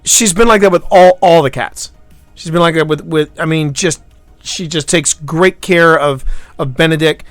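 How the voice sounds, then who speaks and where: Stream host, male, higher-pitched, loose storyteller who jumps between loud bursts and quiet asides, faint music under him. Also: no room sound. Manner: rambling storyteller, halting restarts, swings from loud to hushed. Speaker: livestream host. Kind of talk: casual chat to a live stream audience.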